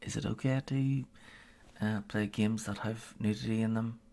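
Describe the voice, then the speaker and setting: Guy streamer, low gravelly voice, lots of ums and uhs, keeps chuckling while reading stuff out. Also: steady tone, normal speed, warm tone. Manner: hesitant, many fillers, chuckles often while reading. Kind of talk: casual livestream chat, reading a policy aloud.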